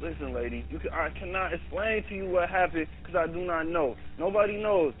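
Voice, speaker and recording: A man presses a dispatcher in an urgent, exasperated voice on an emergency call. His voice sits high for a man. It comes through a thin, tinny phone line with a faint hiss. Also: a little fast. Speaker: 911 caller.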